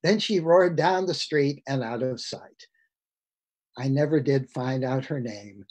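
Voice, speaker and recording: A man's voice: medium pitch, a little slow, darkish tone. A man in his sixties giving a lecture over a video call, reading passages aloud from a book with wry asides to his listeners.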